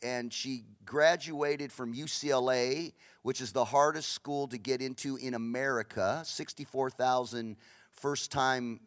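A middle-aged man from Los Angeles, a pastor preaching a passionate, storytelling sermon that swings between loud bursts and hushed asides. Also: medium pitch, fairly even intonation, unhurried.

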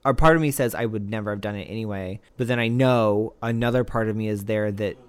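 A man's voice: on the low side, fast talker, clean tone. A man co-hosting a podcast in casual chat, retelling scenes and acting out the characters' lines. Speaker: podcast co-host.

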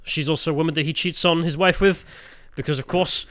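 A man's voice: fairly high pitch, fairly even intonation, fairly quick, fairly bright tone, dry recording. A man with an English accent co-hosting a podcast, telling stories animatedly and slipping into silly put-on voices. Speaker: podcast co-host. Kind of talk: casual political chat.

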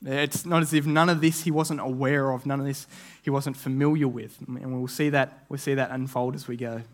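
A man's voice: medium pitch, fairly even intonation. A man giving a sermon as a guest preacher, earnest and often restarting phrases, now and then acting out what people might have said. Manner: acts out imagined voices in quick asides.

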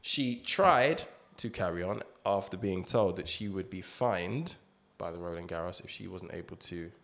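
A man's voice: low voice, normal speed, fairly bright tone. A man hosting a podcast, chatting casually, swearing, and joking as he reads out statements. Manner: profane, joking, mock-reads quotes. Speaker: podcast host. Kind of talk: casual chat.

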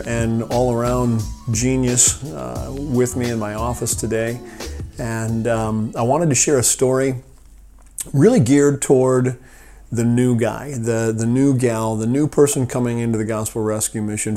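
A man hosting a rescue mission podcast from his office, telling a parable in an informal sermon style, often pausing and repeating words. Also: mid-range voice, mellow. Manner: halting, repeats words while finding his way.

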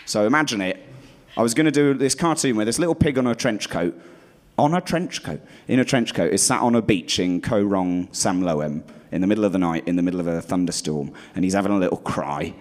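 A man doing a stand-up routine on stage, rambling and self-deprecating, often dropping into low muttered asides. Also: lively intonation, fairly quick. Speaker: stand-up comedian.

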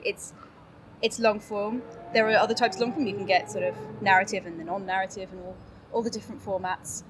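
A woman's voice: medium pitch, fairly even intonation, fast talker, background noise. A woman guest on a podcast, chatting casually and laughing often as she pokes fun at herself. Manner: bubbly, laughs often, self-mocking. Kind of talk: casual interview chat.

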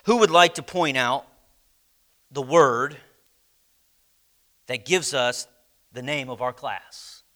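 This Bible class teacher at church has a medium-pitched, bright and forceful voice, and he talks slowly with emphasis, putting questions to his listeners. His phrases trail off nearly to a whisper.

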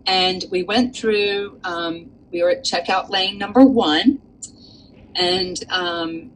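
A woman with a slightly low voice tells a story from her own life, earnest and animated, with plenty of ums and you-knows. A faint hum sits under the recording. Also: slow pace, poor audio. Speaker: author and guest. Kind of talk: storytelling in a casual chat.

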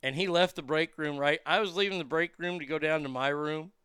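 A man telling a profane, animated story in casual chat, with lots of fillers and restarts. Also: on the high side, fairly quick, clear, resonant tone, no room sound, clean studio sound. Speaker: comedian and podcast guest.

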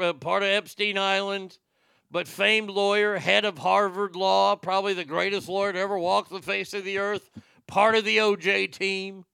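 An older man rants through sarcastic, profane commentary in a gravelly, smooth voice. His tone is bright and somewhat high, and the sound is dry and close. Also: no room sound. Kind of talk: ranting political commentary.

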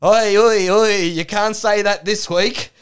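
A loud, aggressive Australian male football pundit, as a man puts him on, ranting and swearing with every sentence. The voice sits well above the speaker's own, pushed high and hard. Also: lively intonation, fairly quick, creaky, full character voice.

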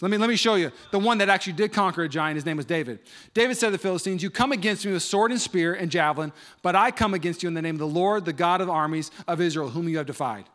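A young man preaching a sermon in a church, telling stories with lively voices and many fillers. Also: sits high, quick pace. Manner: animated storytelling with voices and fillers. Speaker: pastor.

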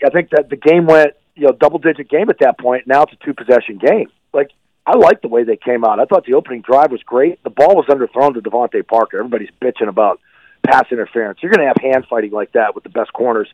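A man speaking as a guest football analyst on a radio show, giving blunt and animated opinions over a remote line. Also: mid-range voice, no echo. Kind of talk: casual sports radio chat. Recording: dull lo-fi line, dry.

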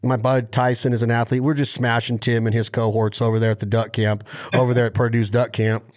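A man in casual chat, telling stories in an animated, excitable way. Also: medium pitch, fairly quick.

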